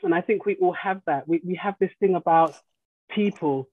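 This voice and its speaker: A fairly low, slightly rough female voice at a moderate pace, with no room sound but a tinny, phone-like quality. The speaker, a middle-aged grandmother and life coach, swaps family stories on a casual podcast, laughing freely as she impersonates her relatives.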